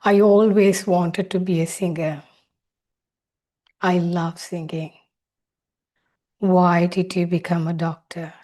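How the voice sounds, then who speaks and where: A wounded inner child, as a woman gives it voice, pleads with the adult it has become. Slow and low-pitched, it asks one plaintive, reproachful question after another. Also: flat delivery, mellow. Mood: pleading.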